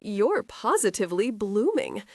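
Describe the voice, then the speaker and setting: A woman's voice: mid-range voice, big pitch swings, a little slow, no echo, studio quality. A woman reading a grim young earl. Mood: tense. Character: proud young male earl, grim and angry.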